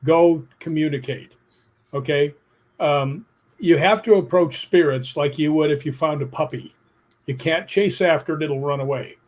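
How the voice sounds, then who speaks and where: A middle-aged man tells his stories as an interview guest, animated and blunt. He acts out the voices of people in his stories and puts stress on key words. His voice sits a little higher than most men's. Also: moderate pace. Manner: animated storyteller who acts out quotes; emphatic, plainspoken, casual swearing. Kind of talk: interview storytelling.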